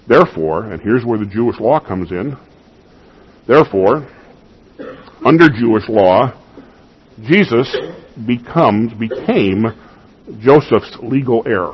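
A pastor with a medium-pitched, breathy voice and lively intonation speaks slowly, with long pauses, on a muffled recording. Preaching an expository sermon, he teaches emphatically, stressing key points and posing rhetorical questions to his congregation.

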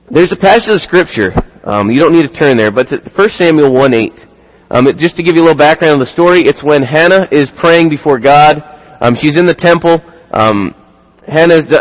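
A man preaching a sermon in an earnest way, driving points home with repeated rhetorical questions. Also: fairly high pitch. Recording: long hall reverb.

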